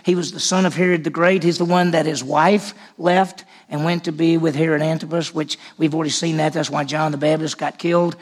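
A man's voice: a little high, steady tone, a little fast, hardly any pauses. A man teaching a Bible study lesson in a conversational way, repeating words for emphasis.

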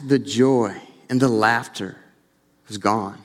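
An earnest young man delivers a sermon as pastor, his mid-pitched voice carrying through a hall with a long reverb. He grows animated when he tells stories. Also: normal speed.

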